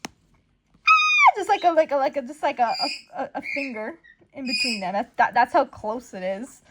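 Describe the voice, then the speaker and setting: A woman giving slangy, animated commentary while reading a comic aloud, on a noisy recording. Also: high voice, fairly quick. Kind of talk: casual comic read-along commentary.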